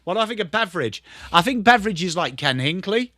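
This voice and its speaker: A young English man hosting a live football watchalong, swinging between excited play-by-play calls and casual, swearing banter with his chat. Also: high-pitched, fast, no room sound, clean studio sound. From England. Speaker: livestream host.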